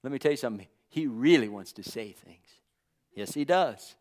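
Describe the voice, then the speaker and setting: A man preaching a fervent sermon in a rhythmic, repetitive cadence, peppering his lines with praise and swinging from loud declarations to hushed, near-whispered words. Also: medium pitch, lively intonation, moderate pace.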